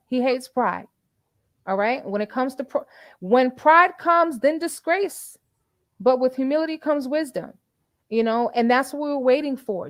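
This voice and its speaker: A woman's voice: sits high, no echo. A woman hosting a casual livestream, chatty and preachy, quoting scripture and repeating phrases with many fillers. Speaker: livestream commentary host.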